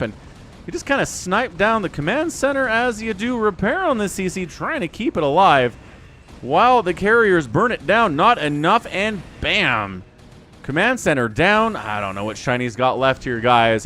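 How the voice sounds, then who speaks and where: A man giving live game commentary as a streamer, chatty and excitable, laughing often and talking to his chat. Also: mid-range voice, slight background noise. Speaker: esports caster and streamer.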